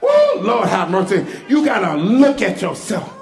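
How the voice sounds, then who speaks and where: A male pastor preaching a sermon, leading the congregation in call-and-response and building to shouts. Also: high-pitched, huge pitch swings, a little slow, a faint crowd. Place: church sanctuary. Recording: echoey church hall with music.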